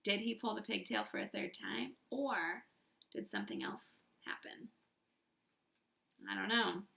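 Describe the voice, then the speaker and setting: Kobieta czytająca dzieciom na głos. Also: female voice, mid-range voice, a little slow, gravelly, echoey room. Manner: expressive, asks listeners questions. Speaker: storyteller. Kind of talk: reading a children's book aloud.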